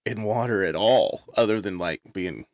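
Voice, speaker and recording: A man's voice: fairly low pitch, moderate pace, no echo, studio quality. A man hosting a casual chat, rambling and losing his place as he retells an old joke.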